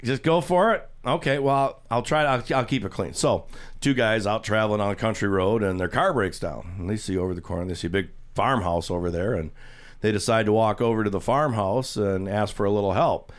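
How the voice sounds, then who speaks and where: A man's voice: lowish voice, a little fast. A man hosting a radio show, casually rambling and telling a long joke in a chatty way. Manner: rambling storyteller, chuckles. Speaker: radio host.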